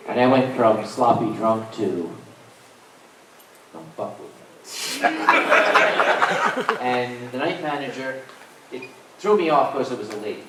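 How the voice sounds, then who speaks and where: A man's voice: mid-range voice, normal speed. A man with a Southern US accent, a convention staff panelist telling comic stories to a live audience. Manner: animated, comic storyteller. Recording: roomy hall, distant, faint noise.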